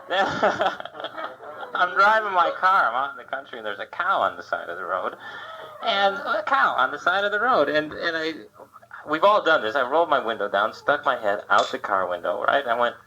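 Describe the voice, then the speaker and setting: A man's voice: medium pitch, big pitch swings, brisk. A male comedian doing a self-deprecating stand-up set, chatting with the crowd on a comedy club stage. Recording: dull, noisy live club tape.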